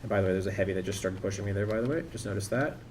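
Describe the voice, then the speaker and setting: A man's voice: on the low side, very fast, darkish tone, a little hiss or hum. Rambling man streaming a game. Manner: rambling, thinking aloud, self-interrupting. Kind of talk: casual live-stream commentary.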